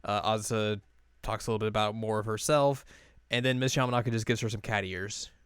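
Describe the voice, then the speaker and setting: A man's voice: lowish voice, steady tone, fairly bright tone, clear, resonant tone, no room sound. Laughing man retelling anime scenes. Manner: retells scenes with quick quoted character voices, laughs often. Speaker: co-host recapping an anime episode. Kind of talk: casual chat.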